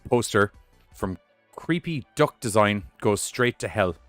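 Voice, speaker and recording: A man's voice: on the low side, animated, unhurried, a bit bright, no echo, faint music behind. A man hosting a podcast, reading horror news headlines with rambling, sweary, jokey asides.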